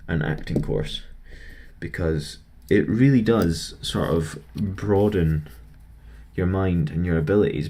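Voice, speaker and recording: A young man with a notably deep, low voice chats to his viewers while he builds a model. He rambles from one thought to the next in an easygoing, self-deprecating way. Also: warm tone, breathy edge. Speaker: vlogger building a model kit. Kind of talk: casual chat while building.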